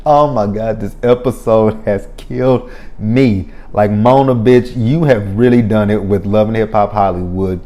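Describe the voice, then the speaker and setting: A young man giving a casual, profane, animated recap of a reality TV episode, laughing often. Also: lowish voice, moderate pace.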